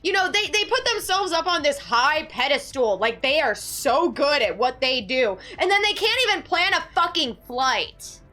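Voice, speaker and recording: Bright, animated high-voiced woman. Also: normal speed, few pauses, soft background music. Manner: animated, dramatic ranting. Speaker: streamer. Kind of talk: casual storytelling to chat.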